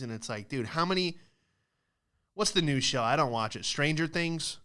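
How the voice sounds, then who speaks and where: A man's voice: on the high side, lively intonation, normal speed, bright, forceful tone, clean tone. A man, a stand-up comedian hosting a podcast, ranting casually with a lot of swearing and "dude" and "like".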